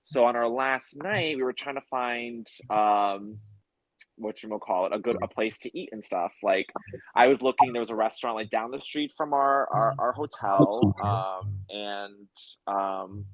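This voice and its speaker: A man's voice: fairly low pitch, measured pace, dry recording, low-quality recording. A man from New York, a podcast guest, telling travel stories in casual chat, rambling with lots of fillers and restarts.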